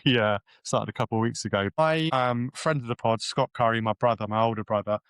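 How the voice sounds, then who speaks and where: A man co-hosting a podcast, telling a story in rambling, animated casual chat with many restarts. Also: medium pitch, brisk, smooth, dry recording. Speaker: podcast co-host.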